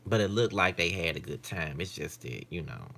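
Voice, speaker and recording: A man's voice: low voice, expressive, moderate pace, bright, forceful tone. A man in his late twenties chatting casually to camera in a candid, rambling, profane way. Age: late 20s. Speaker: vlogger. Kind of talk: casual vlog chat.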